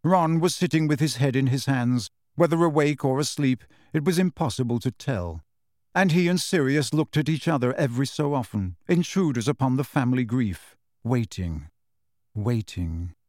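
A man's voice: mid-range voice, normal speed, a little mellow, no echo, studio quality. Man reading a story aloud. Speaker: narrator. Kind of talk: audiobook narration.

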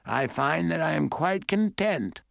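A man voicing a very old, frail woman who speaks in a stately, curt way, slowly and softly. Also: on the high side, animated, creaky, no room sound, clean studio sound, voice pushed up, full character voice. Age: over 60. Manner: curt, stately, softened and slow.

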